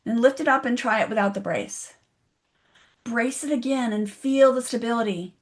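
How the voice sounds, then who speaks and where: Woman giving a pep talk online, tells her story and keeps asking the audience stuff, voice sits a bit high. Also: moderate pace. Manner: storytelling, asks the audience questions, emphatic. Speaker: motivational speaker. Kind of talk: motivational keynote speech. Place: online event, audience in chat.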